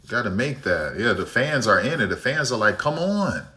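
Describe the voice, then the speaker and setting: A man's voice: lowish voice, animated, brisk, pushed and bright. A man from Chicago streaming a basketball game, ranting bluntly with strong opinions and a habit of tagging "right?". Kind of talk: live game-watch commentary and rant.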